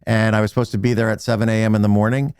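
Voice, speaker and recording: A man's voice: fairly low pitch, level tone, racing, darkish tone, smooth, no room sound, studio quality. A man hosting a podcast, asking long, reflective questions in a casual, rambling way and checking in with "right?". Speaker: podcast host. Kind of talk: casual interview chat.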